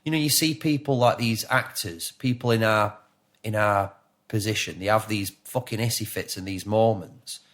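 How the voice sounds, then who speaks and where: This is a man in his thirties with a Lancashire accent, sitting as a guest on a podcast. His voice sits a little low, and he rambles freely, restarting sentences and swearing often. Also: normal speed, fairly bright tone. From England. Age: 30s. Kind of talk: casual podcast interview.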